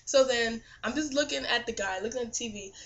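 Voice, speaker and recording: A young woman vlogger retelling a dream in casual, animated storytelling, laughing often and saying "like" a lot. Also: a little high, quick pace, muffled recording.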